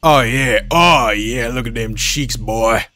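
A man's voice: medium pitch, slow, bright, forceful tone. A man who streams games, giving crude, joking, rambling commentary as he plays. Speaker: gaming streamer. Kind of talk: casual gameplay commentary.

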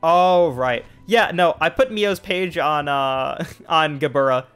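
A man's voice: a little high, takes it slowly, fairly bright tone, clear, resonant tone. A young man streaming a card game, chatting casually in a rambling way with lots of fillers and restarts. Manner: rambling, many fillers and restarts, laughs easily. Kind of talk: casual gameplay chat. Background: faint game music.

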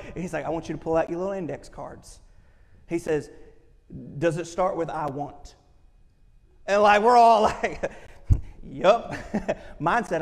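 A man's voice: high-pitched, expressive, normal speed, gravelly. A man preaching a sermon as pastor, impassioned and acting out quoted voices. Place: church sanctuary. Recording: long hall reverb from a church.

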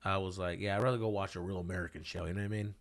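A man co-hosting a comedy podcast, talking in a casual, profane, animated way with mock voices. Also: deep voice, racing. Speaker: podcast co-host.

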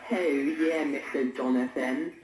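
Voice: medium pitch, steady tone, slow pace, darkish tone, natural voice. A performer voicing an eager, fawning schoolboy who plays the teacher's pet. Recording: roomy, distant, muffled, noisy.

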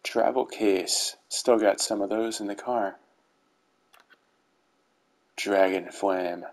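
Over gameplay footage with faint music behind him, a middle-aged man reviews game rewards for YouTube in a casual way, cracking dry dad jokes. His voice is fairly low and creaky, and the audio is poor.

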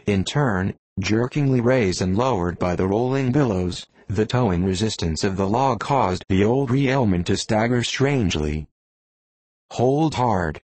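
A man narrating a classic novel as an audiobook reader, in a measured, deliberate way. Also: on the low side, expressive, darkish tone, no room sound. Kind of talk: scripted narration.

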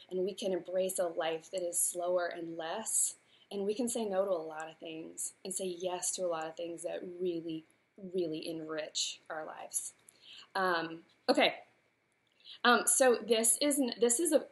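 A woman in her thirties, an author, chatting earnestly with fillers and then reading aloud from her own book. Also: lowish voice. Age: 30s.

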